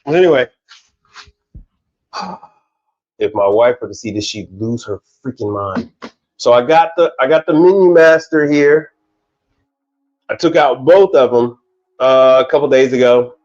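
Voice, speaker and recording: A man's voice: medium pitch, a little slow, pauses often, a little mellow. A man, an appliance technician, chatting casually on a livestream, often restarting his sentences. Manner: casual, repetitive, starts over a lot. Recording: dull sound with faint music.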